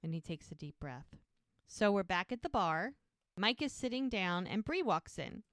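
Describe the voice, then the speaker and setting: A woman's voice: mid-range voice, expressive, normal speed, a bit bright, no room sound, studio quality. A woman co-hosting a podcast, chattily retelling the scenes of a show in a casual recap. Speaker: podcast co-host.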